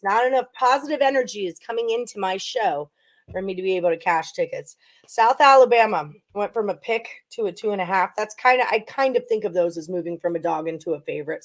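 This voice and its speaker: Chatty woman hosting a betting stream. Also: lowish voice. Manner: chatty, rambling, frequent ums and laughs. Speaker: sports betting show host. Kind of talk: casual livestream chat.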